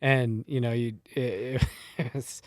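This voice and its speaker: A man's voice: medium pitch, fairly even intonation, takes it slowly, dry recording, studio quality. A middle-aged man telling stories as a podcast guest, laid-back and laughing, swearing freely as he talks. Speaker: guest, former wildland firefighter. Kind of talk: casual podcast storytelling.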